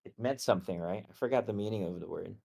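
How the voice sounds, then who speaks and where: Lower-voiced man hosting a casual stream. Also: vocal fry, dark tone. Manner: quick, restarts often, laughs easily, says "man". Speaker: live stream host and chart analyst. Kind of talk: casual chat.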